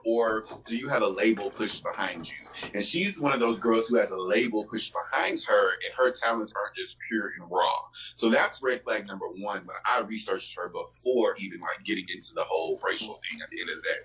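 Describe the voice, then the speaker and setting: A man's voice: on the low side, normal speed, fairly bright tone, poor audio. A man co-hosting a casual podcast chat, giving his opinion at length and saying "at the end of the day" again and again. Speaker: podcast co-host.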